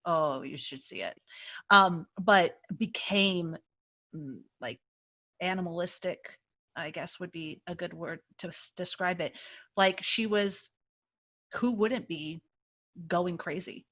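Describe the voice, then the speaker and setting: Speaking slowly with long pauses in a lowish voice, this woman co-hosts a podcast and reviews a film. Her manner is chatty and animated, and she performs her reactions while recounting the plot.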